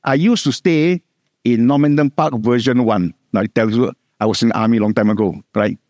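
A middle-aged man with a Singaporean English accent, preaching a sermon, repeating key words and slowing down to stress scripture. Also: medium pitch, a little mellow, no echo, dull audio.

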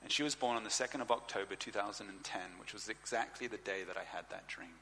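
A male preacher tells a personal story from the stage, jumping into lively voices for the people in it. His tone is bright and forward, and the sound rings with the long reverb of a large hall. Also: on the low side, fast, gravelly, a little hiss or hum. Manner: animated storyteller, acts out dialogue. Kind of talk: sermon storytelling.

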